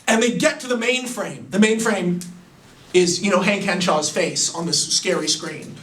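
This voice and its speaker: A man with a high, bright-pitched voice rattles through a comic-book story pitch, excitable and swearing freely. He sounds set back from the mic in a roomy space, with faint music underneath. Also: normal speed, distant mic. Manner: excitable, profane, acts out characters. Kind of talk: casual spoken story pitch.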